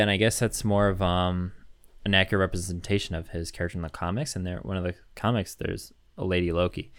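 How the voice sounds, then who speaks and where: A man chatting casually, rambling and excited as he lays out a fan theory, with many fillers. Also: sits low, clean tone, no echo. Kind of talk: casual chat.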